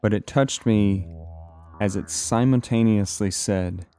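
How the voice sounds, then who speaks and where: A man telling a personal story of a frightening vision, halting and repeating words as he goes. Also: fairly low pitch, warm tone, soft background music.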